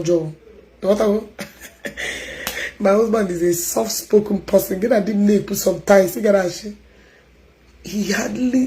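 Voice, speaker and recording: A Nigerian woman with an Igbo accent chatting loudly and emphatically as a stream host, mixing English and Igbo. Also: medium pitch, a little hiss or hum, low-quality recording. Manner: loud, emphatic talker.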